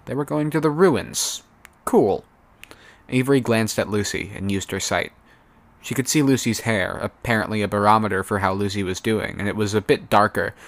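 A man narrating a chapter of a fan-made audiobook in a steady reading manner. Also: on the low side, dry recording.

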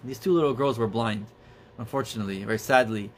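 A man earnestly telling religious stories as a teacher, in a halting, storytelling way. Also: on the low side, a little hiss or hum. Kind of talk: storytelling talk.

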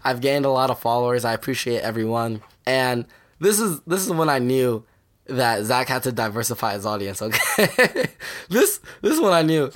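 Excitable young man telling stories. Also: mid-range voice, fairly quick. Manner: excitable, laughing often, acts out what others said. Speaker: podcast co-host. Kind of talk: casual chat storytelling.

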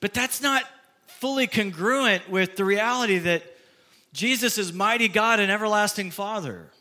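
Midwest guy in his 50s preaching, kinda high bright voice, chatty storyteller. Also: normal speed. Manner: storytelling, conversational, earnest. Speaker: pastor. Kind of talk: sermon.

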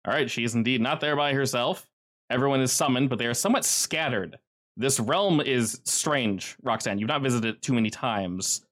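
A man's voice: mid-range voice, normal speed, a bit bright. Guy gm telling the story, casual, lots of uhs, mid voice. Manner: casual, vivid storytelling with fillers. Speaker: game master. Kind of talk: narrating a tabletop game.

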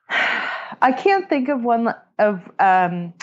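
A woman's voice: on the high side, big pitch swings, extremely slow, muffled recording. A woman from California, an author and grammar teacher, chatting as a podcast guest in a meandering way, with many restarts and light laughs. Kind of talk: casual interview chat.

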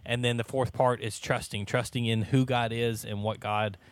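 Man, 30s, laid-back Bible study leader, jokey, laughs a lot, mid pitch. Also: steady tone, normal speed, clear, resonant tone, no room sound. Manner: joking, laughs often, many restarts. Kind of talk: casual church Bible study chat.

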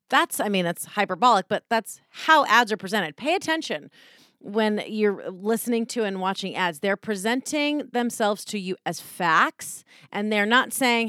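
A woman's voice: mid-range voice, normal speed, dry recording, studio quality. A woman hosting a casual self-help talk, candid and swearing freely, often acting out quoted voices. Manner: candid, profane, animated, acts out quoted voices. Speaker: podcast host.

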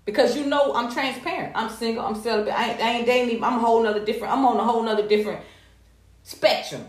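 An American woman giving casual, sassy gossip commentary, animated and profane. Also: on the high side, fast talker. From United States. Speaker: commentary vlogger. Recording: echoey room.

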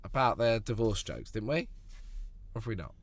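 A man, a comedian co-hosting a podcast, chatting casually with quick asides and swearing. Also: on the low side, lively intonation, no echo.

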